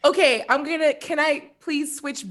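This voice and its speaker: A woman's voice: high-pitched, steady tone, fairly bright tone. A woman playing a tabletop game, reacting eagerly and chatting about her character. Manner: enthusiastic, quick reactions. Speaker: player. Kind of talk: casual tabletop planning chat.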